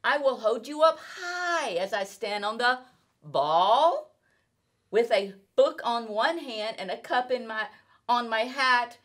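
A woman's voice: a little high, lively intonation, slow, fairly bright tone, pitched above the performer's own voice. A woman doing a boastful storybook cat. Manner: sing-song, exaggerated storybook delivery. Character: playful mischievous male cat, boastful show-off.

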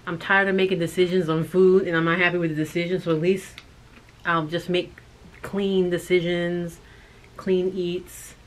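A woman's voice: on the low side, flat delivery. Chatty joking woman vlogger. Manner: chatty, joking, quick asides. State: recovering from illness. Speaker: co-host of a thrift channel. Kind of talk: casual chat.

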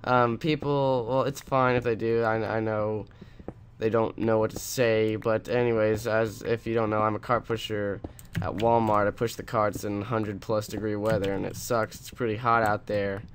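Young guy, lowish voice, rambly sarcastic game commentary, keyboard clicking faintly. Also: level tone, moderate pace, slight background noise. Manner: rambling, ranting, sarcastic, with restarts. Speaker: let's play host. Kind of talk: casual gameplay commentary.

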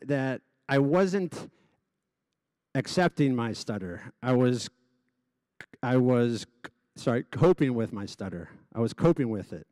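A man's voice: mid-range voice, expressive, measured pace, a little mellow, dry recording. Man who stutters, giving a dry close speech. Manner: stutters openly, with repeated sounds and restarts. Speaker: gala honoree giving a speech. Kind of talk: personal speech to a live audience.

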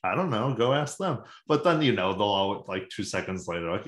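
A lower-voiced man co-hosting a sports chat, full of sarcastic, animated asides. His voice bounces around a roomy, echoey space. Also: brisk, few pauses. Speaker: podcast co-host.

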